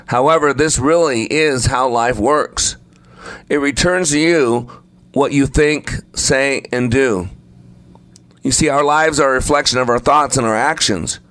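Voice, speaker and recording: A man's voice: medium pitch, measured pace, a bit bright, no echo. A man preaching a sermon, speaking emphatically and repeating phrases for effect. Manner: acts out the story voices while telling it.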